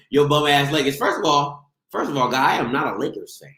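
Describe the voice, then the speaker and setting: A man hosting a live show rants about sports, talking over and cutting himself off while mocking viewers in the chat. His animated voice sits on the high side and moves briskly with few pauses, in a reverberant space.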